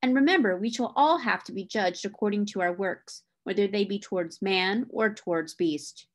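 A woman reading the lines of a stern, principled gentleman who reproves others over the cruel treatment of horses. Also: medium pitch, normal speed, lightly acted. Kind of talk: reading a novel aloud.

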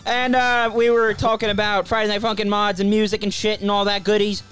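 A man's voice: sits high, little pitch movement, fairly quick, fairly bright tone, smooth, faint music behind. A man co-hosting a casual let's-play, rambling with fillers and goofy jokes. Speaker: co-host.

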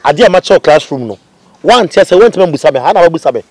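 A man's voice: on the high side, sing-song, unhurried, darkish tone, breathy edge, no room sound, exaggerated voice. A man acting a bossy, scornful man who barks insults.

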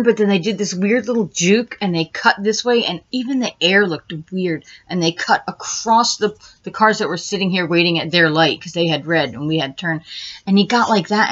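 This woman vlogger's voice sits lowish with a fairly bright tone. Recorded in dull lo-fi, she retraces a first-person account step by step, rambling and growing agitated while retelling it.

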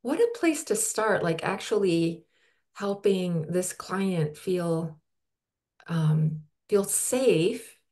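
Soft-spoken woman host. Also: fairly low pitch, lively intonation, very slow. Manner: thoughtful, searching for words. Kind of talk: interview questions.

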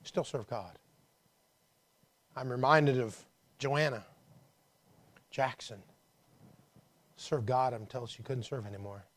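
Man preaching, swinging loud and soft. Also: medium pitch, slow pace, pauses often. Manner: conversational preaching, swinging from hushed to emphatic. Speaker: pastor. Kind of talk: sermon. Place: church.

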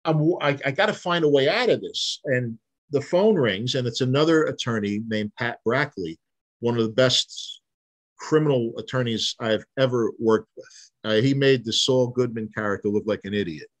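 A man's voice: mid-range voice, moderate pace. A man, a private investigator telling vivid case stories in a casual interview, acting out the dialogue. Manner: animated storyteller, acts out quoted dialogue, frequent restarts.

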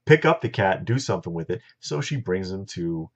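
A man's voice: low voice, animated, a little fast. A middle-aged man telling a story in a casual, blunt, opinionated monologue, talking straight to his viewers. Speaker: vlogger. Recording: dull lo-fi recording.

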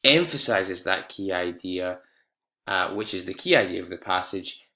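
Bright-voiced male English teacher. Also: low-pitched, expressive, moderate pace. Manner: explanatory, with fillers and self-corrections. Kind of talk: exam-prep lesson.

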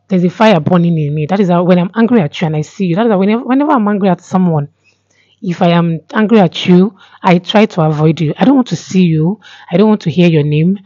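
Young woman chatting to camera, earnest, keeps repeating herself, mellow lowish voice, kinda dull lo-fi sound. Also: no room sound. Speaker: vlogger. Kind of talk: casual talk to camera.

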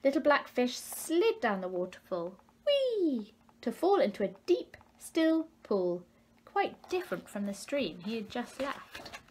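A woman, an educational consultant, reading a children's picture book aloud with expressive, measured storytelling. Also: medium pitch, a little hiss or hum.

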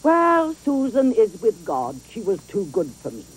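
An actress in a theatrical Shakespeare performance plays a garrulous, fond old nurse, rambling and chuckling as she talks. Her medium-pitched voice swoops wildly in pitch at a slightly slow pace. The low-quality recording has slight background noise.

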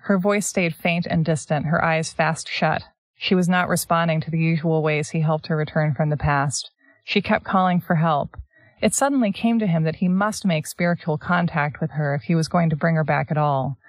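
Deep-voiced and speaking at a moderate pace, with no echo, a Canadian woman co-hosts a casual podcast chat. She reads passages aloud, interjecting sarcastic remarks, and laughs frequently in an animated way.

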